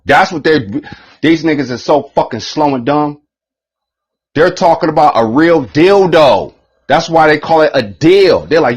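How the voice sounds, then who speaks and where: A man giving a preachy, profane rant, repeating himself often, with a husky voice. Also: on the high side, animated, a little slow. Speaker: vlogger.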